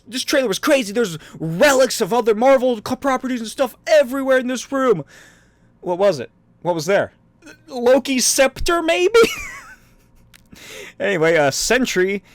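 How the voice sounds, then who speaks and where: A man hosting a solo podcast in a casual, rambling way, full of fillers and little chuckles. His voice sits a bit high for a man and sounds close and dry. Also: no room sound. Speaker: podcast host.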